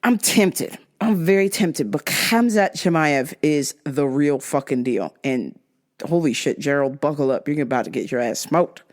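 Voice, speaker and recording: A woman's voice: low-pitched, animated, a little slow. A woman hosting her own podcast, talking casually in a blunt, profane, trash-talking way. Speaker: podcast host. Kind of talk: casual chat.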